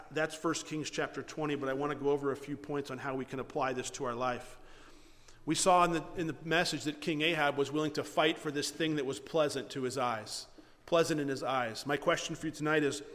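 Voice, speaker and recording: A man's voice: fairly high pitch, brisk, long reverb tail. A man preaching a sermon, reading scripture and retelling it by acting out the characters' lines in his own words. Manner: animated, acts out characters' lines in paraphrase. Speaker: pastor.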